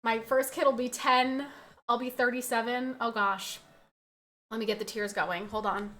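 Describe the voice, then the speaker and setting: A woman's voice: fairly high pitch, steady tone, measured pace, pauses often, a bit bright. A woman in her twenties chatting casually on a livestream, reading out and answering chat with frequent laughs. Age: 20s.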